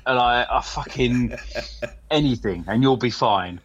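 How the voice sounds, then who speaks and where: A man's voice: medium pitch, measured pace, slightly rough. Teasing man on a dull line. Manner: teasing, mimics his friend in put-on voices. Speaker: podcast co-host. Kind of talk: casual chat. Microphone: video call.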